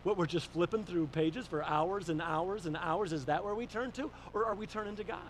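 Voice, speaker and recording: High-voiced man preaching animatedly. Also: fairly quick, slight background noise, rough recording. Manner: animated storytelling, rising emphasis on questions. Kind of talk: sermon.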